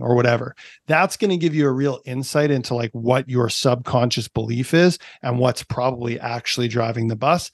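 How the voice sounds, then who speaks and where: A man's voice: medium pitch, moderate pace, no room sound, clean studio sound. A man from Canada in his thirties, a performance coach chatting on a podcast, explaining ideas with lots of "like" and "right?". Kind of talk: casual podcast interview.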